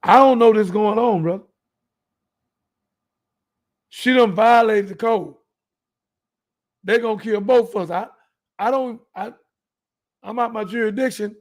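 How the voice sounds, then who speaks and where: A man from Texas, a guest telling a story in an animated, emphatic, colloquial way. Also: sits high, measured pace, long pauses.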